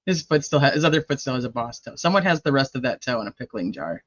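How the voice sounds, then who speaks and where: A woman's voice: a bass voice, animated, fast, no room sound, muffled recording. A woman hosting a casual true crime livestream, joking, teasing and swearing as she reads viewer comments, laughing often.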